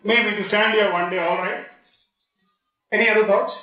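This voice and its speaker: A man's voice: high-pitched, fairly even intonation, normal speed, faint music behind. A middle-aged man with an Indian English accent, a guest speaker giving a playful motivational talk that quizzes and jokes with students. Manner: playful, joking, quizzing the audience. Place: large lecture hall. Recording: echoey hall, distant dull mic.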